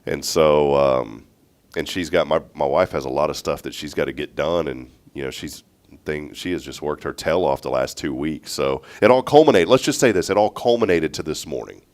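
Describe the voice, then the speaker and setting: Congested guy hosting morning talk, really low voice, rambly and laughy. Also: moderate pace, a little mellow. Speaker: morning show host. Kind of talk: casual chat.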